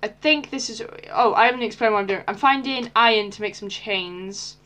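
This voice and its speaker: A teenage girl giving casual, excitable commentary on her Minecraft gameplay, often squealing and shouting with delight. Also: medium pitch, moderate pace. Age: teens. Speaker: Minecraft YouTuber.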